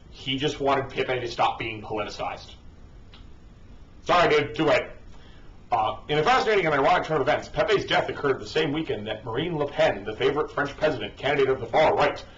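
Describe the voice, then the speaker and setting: A man's voice: medium pitch, fairly bright tone. A man reading an article aloud and breaking off into sarcastic, profane ranting asides. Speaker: online commentator. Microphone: cheap microphone. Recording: dull distant lo-fi home mic.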